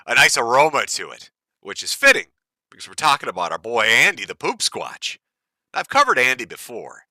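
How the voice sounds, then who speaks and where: Man, streamer host: crude mocking rant, very animated pitch, sharp bright tone, dry close sound. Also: dry recording. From United States. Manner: crude, mocking ranting with laughs. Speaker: livestream host. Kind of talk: profane livestream commentary.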